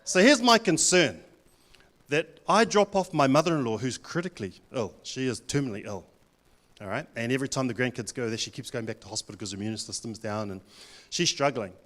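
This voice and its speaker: A man's voice: medium pitch, animated, fairly quick, a bit bright. A man, a Pacific director giving a blunt, joking talk to a live audience at a church event. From New Zealand. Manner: blunt, joking, plays to the crowd.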